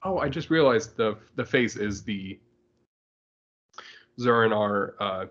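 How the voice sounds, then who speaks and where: A man's voice: fairly low pitch, expressive, slow pace, fairly bright tone. A man hosting a podcast, casually recapping a comic book with frequent laughter, recorded with slightly muffled sound. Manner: laughs often, rambling recap. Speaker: podcast host.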